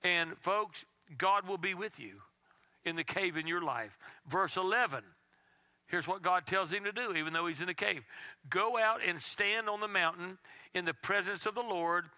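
A man preaching a sermon as pastor, reading scripture aloud and at times dropping his voice to a hush. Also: sits high, moderate pace. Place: church.

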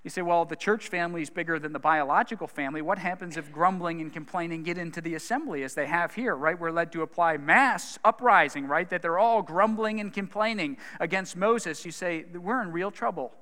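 A man preaching in a church in a bright, forceful voice that sits a bit high. He speaks earnestly and conversationally, asking rhetorical questions, and his voice rings out with long reverb in the hall. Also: fairly quick, few pauses. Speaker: pastor. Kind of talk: sermon.

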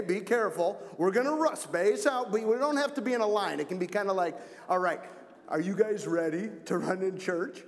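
Lively man leading kids in church. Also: sits high. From Wisconsin. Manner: lively, playful, calls and repeats to kids. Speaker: camp leader giving children's message. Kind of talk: energetic children's message in church. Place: church sanctuary. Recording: long church reverb.

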